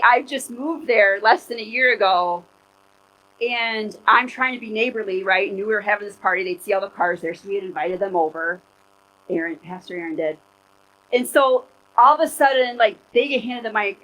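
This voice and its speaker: A woman's voice: mid-range voice, fairly bright tone, rough recording. A woman pastor in her forties giving a candid, conversational sermon, full of "like" and "you know". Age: 40s.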